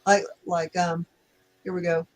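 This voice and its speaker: A woman's voice: lowish voice, little pitch movement, a little slow, slight background noise, rough recording. A middle-aged woman co-hosting a livestream, chatting casually with frequent ums and restarts from her laptop. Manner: hesitant, many ums and restarts. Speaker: co-host of a livestream. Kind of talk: casual chat.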